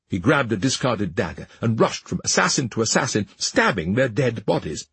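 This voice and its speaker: A man narrating a fairy tale with an expressive, dramatic reading. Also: medium pitch, normal speed, gravelly, hardly any pauses, breathy edge, no room sound. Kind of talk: storybook narration.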